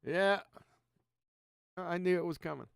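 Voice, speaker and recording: A man hosting a relaxed livestream panel, his voice smooth and resonant and pitched a little high for a man. He chats easygoing and chuckles, often stumbling and restarting his words. The sound is close and dry. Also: unhurried, no echo. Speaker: livestream host. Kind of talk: casual panel chat.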